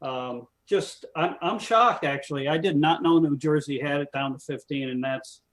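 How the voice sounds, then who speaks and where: A man with a fairly high voice, speaking at a moderate pace, guests on a live stream, chatting casually and agreeing emphatically. He is a former foster parent association president.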